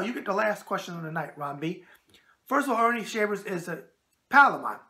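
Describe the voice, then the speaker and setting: Brash, gravelly boxing show host. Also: male voice, sits high, bright, forceful tone. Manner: brash tough-guy banter, calls people pal. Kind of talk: casual mailbag show.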